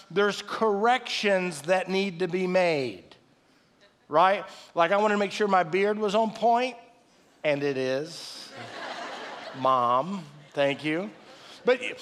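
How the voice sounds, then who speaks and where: A man in his late fifties preaching a sermon in a folksy, animated way with self-deprecating asides. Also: sits high. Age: 50s. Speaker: pastor. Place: large church hall. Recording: live sermon with long hall reverb.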